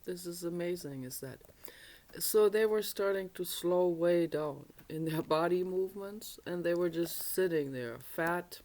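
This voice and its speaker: A woman telling a personal story in a loose, chatty way, often correcting herself mid-thought. Her voice sits low, and she talks at an unhurried pace. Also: a little mellow. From Germany. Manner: rambling, self-correcting, chatty. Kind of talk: casual storytelling.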